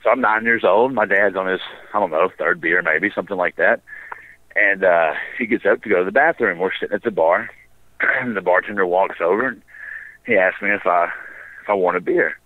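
A man being interviewed as a wrestler, telling stories in a relaxed way with dry, sarcastic asides. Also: sits low, fairly quick, no echo. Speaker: wrestler guest. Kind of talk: casual storytelling interview. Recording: dry tinny phone line.

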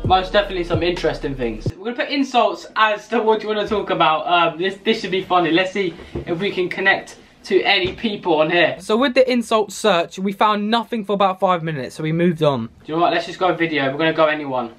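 Young male host, London accent, high voice, teasing mock-insult banter. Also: fast talker, a bit bright, slight background noise. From England. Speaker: YouTuber host. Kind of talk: casual video chat banter.

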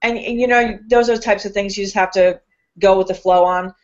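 A woman's voice: medium pitch, fairly even intonation, brisk, darkish tone, muffled recording. A woman hosting a talk show, speaking in a casual, emphatic way with long, loose, philosophical runs. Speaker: host.

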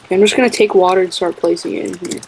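A woman chatting casually and excitedly with a friend while playing a game together. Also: lowish voice, heavy background noise. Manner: excitable, quick to laugh. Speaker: co-host of a game series. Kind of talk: casual gameplay chat.

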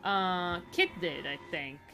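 A woman's voice: fairly low pitch, slow pace, bright, forceful tone, muffled recording, faint music behind. A woman with an Italian accent, a native Italian speaker, chatting casually and rambling through gameplay commentary with the odd swear. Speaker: streamer.

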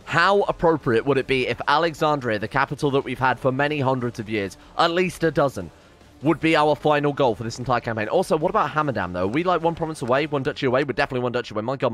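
A man's voice: mid-range voice, expressive, quick pace, a bit bright, faint music behind. A man giving rambling, casual commentary on his strategy game, often cutting himself off and swearing. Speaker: let's-play streamer.

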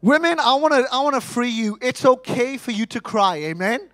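High-voiced man preaching an animated sermon. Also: normal speed, dry recording, rough recording. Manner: lively, humorous, acts out quoted voices; calls for responses from the congregation. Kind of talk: Easter sermon.

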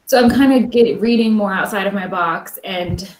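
Woman, librarian co-host, casual book chat, rambling and laughing, echoey room, middle pitch. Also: normal speed, a crowd in the background. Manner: chatty, rambling, laughs often. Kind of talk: casual chat about books.

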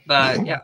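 A woman who is a guest artist on a casual livestream chat, talking candidly and self-deprecatingly with halting phrasing. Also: sits low, bright, forceful tone, breathy edge, rough recording.

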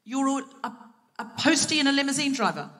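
A woman's voice: high voice, expressive, fairly quick, a bit bright. A woman hosting a live comedy podcast from a theatre stage, bantering playfully with the audience and mocking herself. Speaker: host. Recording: live theatre recording with clicking noise.

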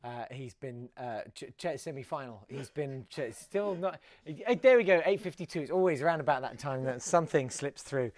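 A man's voice: mid-range voice, expressive, normal speed, few pauses. A man hosting a solo live comedy webcast, talking in a wry, rambling way with many fillers and restarts. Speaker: host.

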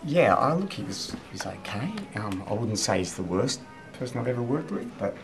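A middle-aged man with a very low, deep voice, a voiceover artist who hesitates and halts through his anecdote. Music plays clearly behind him. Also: lively intonation. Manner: hesitant, halting with many ums. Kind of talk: mockumentary interview anecdote.

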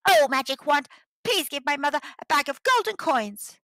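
A woman voicing an eager young boy who talks in an excited rush. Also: high voice, normal speed, no room sound, pitched above the performer's own voice. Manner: excited, breathless.

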